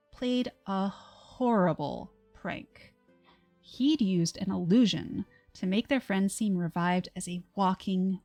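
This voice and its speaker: Lady reading her own fantasy story on stream, soft n measured, faint music behind. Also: mid-range voice. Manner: soft, measured narration, laughs between passages.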